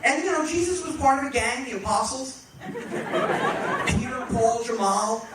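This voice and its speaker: Stand-up comic, male, high and lively voice, punchy crowd work, recorded far off in an echoey club with a loud laughing crowd. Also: normal speed. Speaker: stand-up comedian. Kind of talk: stand-up comedy set. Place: comedy club stage. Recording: echoey club audio from a distance. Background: audience laughter and room noise.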